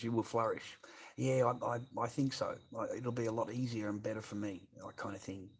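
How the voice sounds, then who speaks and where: Husky Australian man rambling on stream. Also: lowish voice, steady tone, normal speed. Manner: rambling, swearing, reading chat aloud. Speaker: live streamer. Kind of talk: casual live stream chat.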